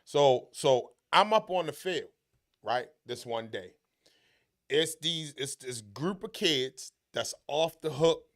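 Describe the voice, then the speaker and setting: A man's voice: fairly high pitch, lively intonation, takes it slowly, a bit bright. A man co-hosting a casual podcast chat, telling stories with heavy slang and profanity. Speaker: podcast co-host.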